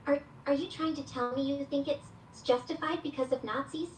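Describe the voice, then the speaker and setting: Woman voicing a fed-up ai chatbot girl, kinda high voice, reads her own stage directions out loud, echoey far-off speaker sound. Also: fairly even intonation, brisk, a little hiss or hum, close to an everyday voice. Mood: exasperated. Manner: reads aloud her own stage directions before each quoted reply. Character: exasperated female AI chatbot companion. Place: played through a speaker in a room, picked up by a security camera.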